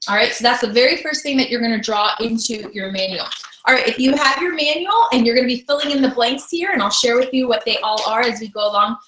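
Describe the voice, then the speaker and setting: An upbeat, emphatic woman leads a recorded sales training class and drives her points home by repeating key lines. Her voice sits a little high. The room around her sounds echoey. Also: fast, fairly bright tone, a little hiss or hum. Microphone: camera.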